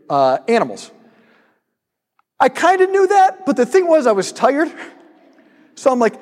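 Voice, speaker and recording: A man preaching a sermon, telling a story in an animated way and stressing points through rhetorical repetition. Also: high voice, normal speed. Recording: long hall reverb.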